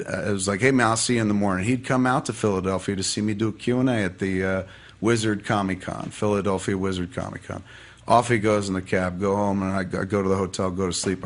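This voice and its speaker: A man casually telling a personal story as a podcast guest, profane and rambling but heartfelt. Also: deep voice.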